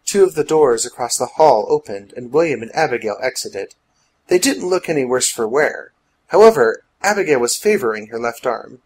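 A man's voice: medium pitch, animated, normal speed, a little mellow, husky, rough recording. A man narrating a steampunk adventure story in a dramatic storytelling manner. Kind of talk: scripted audiobook narration.

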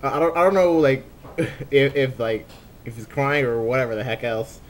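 A man's voice: medium pitch, normal speed, a little hiss or hum. A man rambling through an improvised fan photo dub, full of fillers and restarts. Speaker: fan dubber, channel host.

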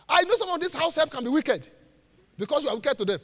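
A man preaching a live sermon in church, joking with the congregation and pausing for it to finish Bible verses. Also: extremely high pitch, sing-song, fairly bright tone. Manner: call-and-response, leaves gaps for the congregation to finish verses; jokes and laughs with the congregation. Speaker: pastor. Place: church auditorium. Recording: live church hall reverb.

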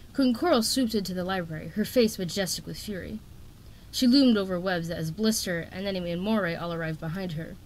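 A woman's voice: mid-range voice, slight background noise. Woman reading a fantasy novel aloud. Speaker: audiobook reader.

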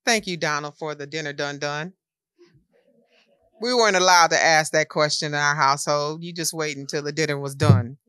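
Woman host, low bright voice, chatty joking manner, dry sound. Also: normal speed, clean tone, no echo. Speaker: event host.

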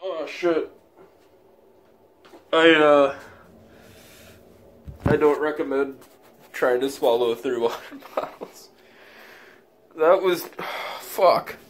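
A man's voice: medium pitch, a little hiss or hum. A man vlogging casually, swearing constantly with blunt running commentary. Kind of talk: casual self-filmed vlog.

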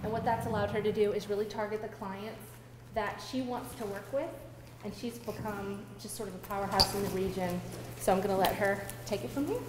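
A woman's voice: mid-range voice, steady tone, fairly quick. A woman hosting a seminar, introducing the next speaker in a conference hall with some hesitant fillers. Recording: echoey hall with clear background noise.

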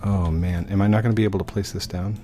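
A man's voice: sits low, steady tone, fast, warm tone. A man casually chatting to viewers as he builds in a game, easygoing and talking to himself as he goes. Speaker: gaming YouTuber. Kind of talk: casual let's-play commentary.

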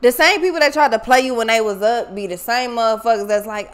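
A woman's voice: on the high side, quick pace, few pauses. A woman giving a casual tarot reading monologue, blunt and profane, who talks emphatically and often repeats her words. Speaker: tarot reader.

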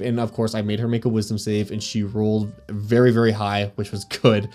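Animated man recapping a tabletop game. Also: fairly low pitch, moderate pace, few pauses, soft background music. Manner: animated, laughing, frequent fillers. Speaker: dungeon master. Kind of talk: casual game recap storytelling.

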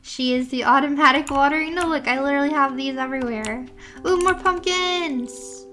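High, steady-toned, fast and pushed-bright, this young woman's voice belongs to a VTuber casually chatting through a farming game. She sounds sleepy and playful, using gamer slang with her chat while game music plays behind.

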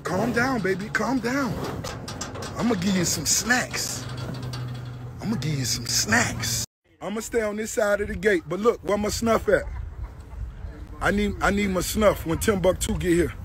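A middle-aged man chatting casually and excitedly outdoors on a farm, cooing affectionately at his animals and hyping them up in heavy slang. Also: sits high, normal speed. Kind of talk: casual hype chat. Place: outdoors on a large farm by a gate.

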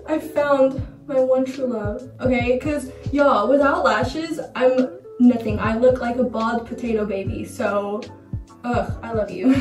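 A young woman reviewing makeup on her vlog in a casual, gushing, excitable way. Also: a little high. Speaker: beauty vlogger. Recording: roomy echo, mic far off.

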